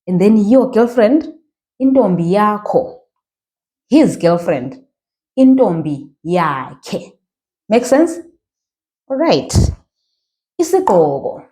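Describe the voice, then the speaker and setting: A woman's voice: mid-range voice, big pitch swings, slow, pauses often, mellow. A woman with a Zimbabwean accent teaching a language lesson, patiently repeating phrases and checking in with her learners.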